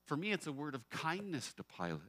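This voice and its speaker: A male pastor preaching a sermon, expressive and emphatic, often posing rhetorical questions. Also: a little high, a little fast, no room sound. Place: church.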